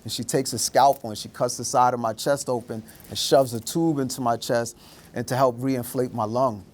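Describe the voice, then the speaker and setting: A man's voice: mid-range voice, fairly even intonation, moderate pace, a little mellow. A middle-aged man giving a storytelling talk, acting out the voices of the people in his story. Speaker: speaker.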